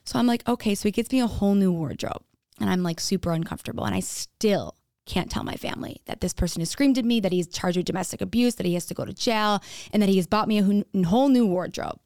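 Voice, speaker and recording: Frank woman with vocal fry. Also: medium pitch, quick pace, a little mellow, dry recording, clean studio sound. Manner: frank, casual, swears freely, uses "like" often. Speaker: podcast speaker. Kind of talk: candid personal storytelling.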